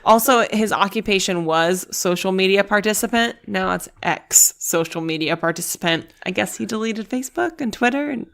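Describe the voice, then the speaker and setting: A woman's voice: medium pitch, animated, normal speed, gravelly, few pauses, a bit bright. A woman co-hosting a podcast, chatting casually about a reality show with lots of "like". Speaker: podcast co-host.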